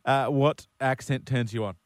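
A man's voice: mid-range voice, steady tone, no room sound, studio quality. A young man hosting a radio show, bantering and teasing his co-host and callers. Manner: joking, teasing, quick patter.

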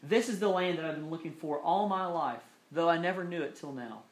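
A man's voice: a little high, a little fast, natural voice. A man voicing a joyful male unicorn who has finally come home, read in an earnest storybook way in an echoey room. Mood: overjoyed.

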